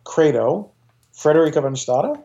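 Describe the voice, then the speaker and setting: A man talks with eager enthusiasm in a casual interview, rambling through his thoughts with frequent fillers and self-corrections. His voice is mellow and dark, and the recording sounds dull and lo-fi. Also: on the high side, animated, normal speed. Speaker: choir director and guest.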